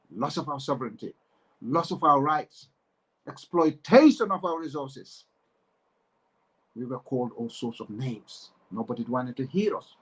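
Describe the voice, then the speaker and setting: A man's voice: mid-range voice, rough recording. A man with a Gambian accent giving an emphatic, impassioned political monologue, repeating phrases as his anger builds. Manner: emphatic, repetitive, rising to anger. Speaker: political commentator.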